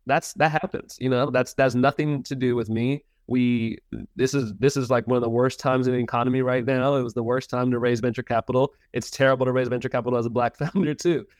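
A man's voice: mid-range voice, fairly even intonation, a little fast, darkish tone, no echo, clean studio sound. A man in his thirties from the United States, a podcast guest speaking earnestly and reflectively about setbacks, often restarting his words. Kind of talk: reflective interview talk.

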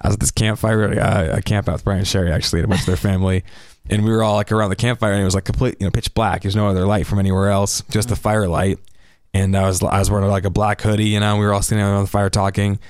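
A man with a fairly low voice recaps a show in relaxed podcast talk. He tells it as a story and slips into the characters' lines along the way. The sound is dry and close. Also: very fast, dry recording. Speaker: podcast co-host recapping an anime. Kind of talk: casual chat.

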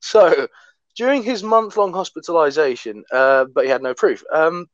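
A man from Oklahoma with an Oklahoma accent, swearing and laughing through a casual true-crime chat. His voice sits a little high and swings widely. The sound is muffled and dry. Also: expressive, moderate pace, no echo. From Oklahoma, USA. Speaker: podcast co-host.

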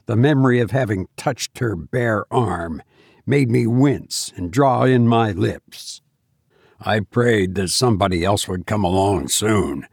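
A man reading a ghost story aloud in a measured, low-key storytelling manner. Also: creaky, a little mellow, husky, no room sound, clean studio sound. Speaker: narrator.

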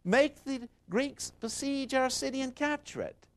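A man voicing a devoted young wife who pleads with her warrior husband, his voice lifted higher. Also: expressive, measured pace, full character voice. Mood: pleading.

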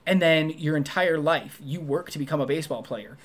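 Animated man reviewing a film casually. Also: a little fast. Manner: animated, acts out quoted lines in high voices. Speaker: podcast co-host. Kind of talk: casual movie review chat.

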